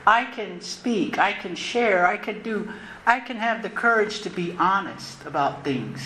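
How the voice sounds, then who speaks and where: A woman's voice: medium pitch, lively intonation, measured pace, bright, forceful tone. A woman giving a personal recovery talk as closing speaker at a convention, earnest and reflective, often repeating phrases and restarting her sentences. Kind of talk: personal recovery share, spoken from the podium. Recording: roomy live talk recording with faint noise.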